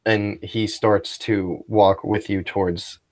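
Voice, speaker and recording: A man's voice: on the low side, level tone, takes it slowly. A man narrating as game master of a tabletop role-playing game, rambling and descriptive. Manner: rambling, full of fillers and restarts.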